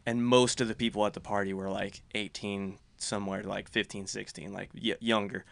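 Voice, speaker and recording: A man's voice: lowish voice, little pitch movement, moderate pace, creaky, dry recording. A man in his twenties telling a rowdy party story in casual chat, swearing a lot, laughing as he goes and acting out what people said. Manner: swears a lot, laughs while telling stories, acts out quotes.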